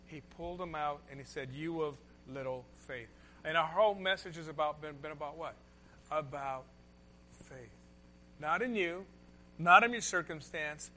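Bright-voiced preacher swinging loud to soft. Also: male voice, on the high side, normal speed, slight background noise. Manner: dynamic, swings from loud emphatic to soft and hushed. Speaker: pastor. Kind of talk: sermon.

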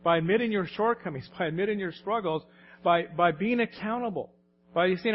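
High-voiced man preaching casually. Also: fairly quick, muffled recording, slight background noise. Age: late 40s or older. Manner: conversational, anecdotal, laughs often. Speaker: pastor. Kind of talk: sermon.

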